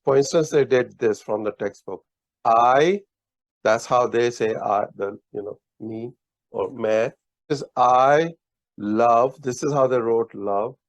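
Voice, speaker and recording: An Urdu teacher with a mid-range voice gives a relaxed one-on-one language lesson, explaining slowly and patiently with frequent restarts and words of praise. The recording sounds dry, dull and lo-fi.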